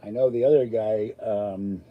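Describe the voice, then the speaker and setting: A man's voice: fairly low pitch, fairly even intonation, unhurried, phone-quality sound. A man hosting a live stream, chatting casually with a rambling, self-deprecating, joking manner. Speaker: livestream host answering chat.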